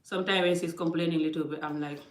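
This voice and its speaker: A middle-aged woman speaks into her phone at a racing pace, offering life advice in an emphatic, casual motivational style and acting out quoted exchanges. Her voice is low and fairly even in intonation. The recording has a roomy echo.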